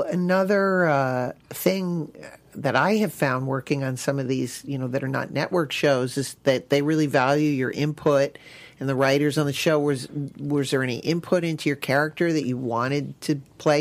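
A woman's voice: low-pitched, normal speed. A woman interviewer asking conversational, attentive questions.

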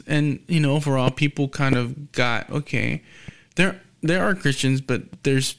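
A man's voice: medium pitch, expressive, normal speed, vocal fry, a bit bright. A man hosting a podcast, chatting casually and telling a story, acting out the lines of the people in it. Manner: storytelling, acts out quoted exchanges. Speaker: podcast host.

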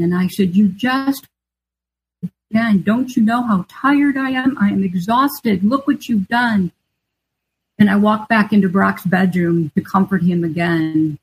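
A woman's voice: fairly low pitch, slightly rough, low-quality recording. A middle-aged woman, an author and guest, telling a personal story in an earnest, confessional way. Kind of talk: storytelling interview answer.

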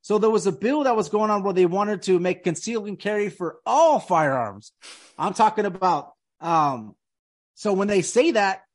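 Male podcast host, high-pitched, emphatic and repetitive, casual chat. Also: normal speed. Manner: emphatic, repeats words and restarts often.

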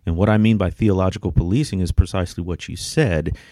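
A man co-hosting a podcast, discussing theology in a measured, articulate and emphatic way. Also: low-pitched, warm tone, dry recording, studio quality. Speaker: podcast co-host.

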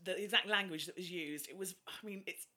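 A woman's voice: on the low side, fairly quick, bright, forceful tone. A woman with a posh-sounding English accent co-hosting a podcast, wry and self-mocking in casual chat. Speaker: podcast co-host.

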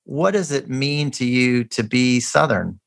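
A male podcast host asking questions and reading a polished, measured closing outro. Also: medium pitch, creaky. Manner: polished, measured announcer delivery. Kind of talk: interview and scripted outro. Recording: music bed under voice.

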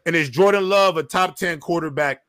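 A man's voice: fairly high pitch, normal speed, a bit bright, dry recording, clean studio sound. A man hosting a sports debate show, giving blunt opinions and handing the floor to panelists. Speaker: host.

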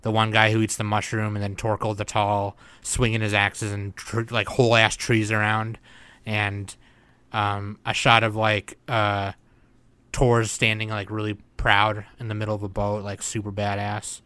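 A man's voice: lowish voice, monotone, normal speed, sharp tone, clean tone, no echo. A young man hosting a podcast in casual chat, loose and profane, often laughing. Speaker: podcast host.

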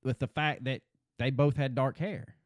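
A man in casual podcast chat, easygoing as he reasons his way through an idea. His voice has an ordinary middle pitch, and the recording is dry, with no room sound. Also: steady tone, moderate pace, no room sound. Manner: easygoing, theorizing aloud. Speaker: podcast co-host.

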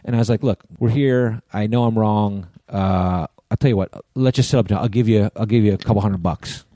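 Male podcast co-host, low mellow voice, profane animated storyteller. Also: fairly quick, dry recording. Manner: profane, animated storyteller acting out both sides of a quarrel. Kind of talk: casual storytelling chat.

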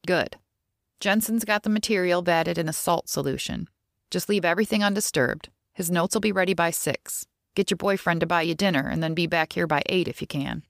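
Brief: woman doing businesslike male boss giving orders; low voice, dry close sound. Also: a little fast, creaky, dry recording. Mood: brisk. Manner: businesslike, instructing, droning. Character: brisk middle-aged male lab boss.

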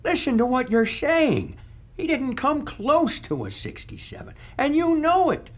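A man doing the ghost of an old male senator in a comedy sketch, sarcastic and scolding. The voice swings widely in pitch, jabbing and mocking at every turn. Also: sing-song, moderate pace. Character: ghost of an older male senator, scornful and blunt.

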